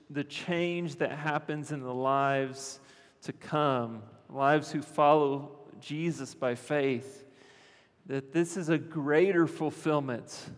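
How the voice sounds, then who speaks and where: A man's voice: mid-range voice, big-room sound. A man preaching a sermon as pastor, earnest, often repeating phrases and checking in with the congregation.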